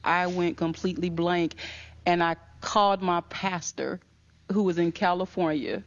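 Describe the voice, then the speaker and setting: A woman's voice: on the low side, fairly even intonation, a little slow. A woman recalling a sudden loss in earnest, reflective personal storytelling. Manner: reflective, earnest, reliving a shock. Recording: dull lo-fi recording.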